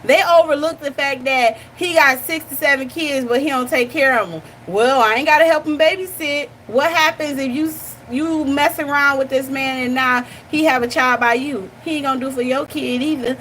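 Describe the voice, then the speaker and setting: A woman's voice: high-pitched, moderate pace, hardly any pauses, fairly bright tone, a little hiss or hum. A young woman hosting a reaction channel, talking bluntly and animatedly straight to her viewers in casual commentary.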